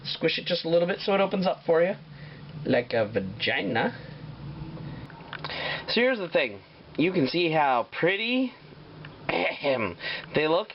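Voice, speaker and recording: A man's voice: sits high, animated, normal speed, lo-fi sound, slight background noise. A man hosting a casual home cooking show, swearing and joking as he talks. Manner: profane, joking, rambling. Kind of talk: casual cooking demo with crude jokes. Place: home kitchen.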